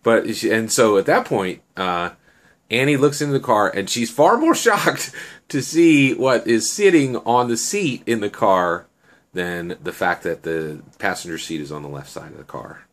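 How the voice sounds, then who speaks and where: Rambling male storyteller, low voice. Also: normal speed. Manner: rambling, many fillers and self-corrections. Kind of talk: improvised oral storytelling.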